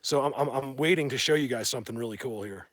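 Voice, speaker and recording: A man livestreaming from a phone in a mountain wilderness, chatting to viewers in a rambling, excitable way as a bigfoot hunter. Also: medium pitch, fast talker, no echo. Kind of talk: casual live stream chat. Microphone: phone held by hand.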